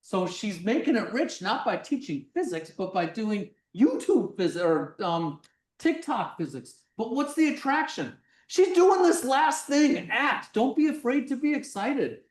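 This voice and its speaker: Middle-aged physics demo presenter, animated and loud, a bit off-mic in an echoey room. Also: mid-range voice, measured pace, distant mic. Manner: animated, acts things out, projects loudly. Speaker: physics lecture demonstrator. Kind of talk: live workshop presentation. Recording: roomy sound from away from the mic.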